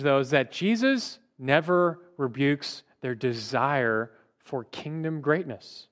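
A man's voice: on the high side, a bit bright. Earnest man teaching a Bible class. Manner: earnest, asks the class questions, repeats words.

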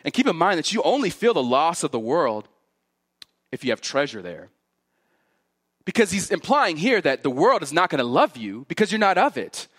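A man preaching an expository sermon in an earnest voice, stacking repeated phrases as he builds each point and dropping low and quiet for his warnings. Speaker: pastor.

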